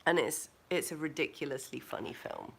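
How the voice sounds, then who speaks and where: A woman hosting a live stream in a relaxed, casual way, recommending foods and telling stories. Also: low-pitched, normal speed, vocal fry, slightly rough.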